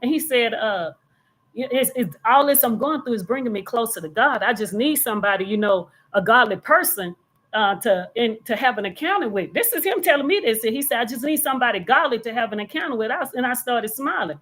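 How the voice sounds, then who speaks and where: A woman's voice: a little high, lively intonation, fairly quick, fairly bright tone. A woman, a minister, telling a story in an earnest, detailed way during a casual live church discussion. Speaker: minister and co-host.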